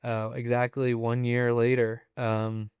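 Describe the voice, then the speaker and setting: Relaxed young man, smooth dry voice. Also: medium pitch, slow pace, dry recording. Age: 20s. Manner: relaxed, chatty, loose with fillers. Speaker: podcast guest. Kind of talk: casual interview storytelling.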